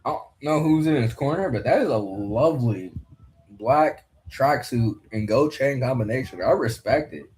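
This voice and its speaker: A man's voice: mid-range voice, lively intonation, normal speed, a little mellow, a little hiss or hum. A young man talks over a fight card in a loose, rambling way, drifting between stories and remarks on the fighters. He swears offhandedly and keeps it casual throughout. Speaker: podcast host commentating a fight card.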